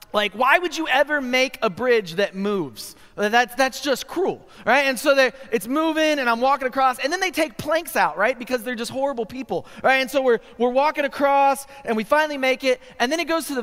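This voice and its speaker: A man with a very high, bright voice tells a funny story from a chapel pulpit, often asking "right?". His voice rings through a large, reverberant hall. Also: clear, resonant tone. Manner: comic, animated storytelling with frequent "right?" asides. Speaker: chapel speaker. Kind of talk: humorous storytelling sermon.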